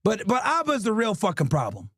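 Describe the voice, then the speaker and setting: High-pitched, animated man roasting people. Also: brisk, no echo, clean studio sound. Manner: loud, mocking, animated, swears constantly. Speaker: podcast host. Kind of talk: profane comedic roast.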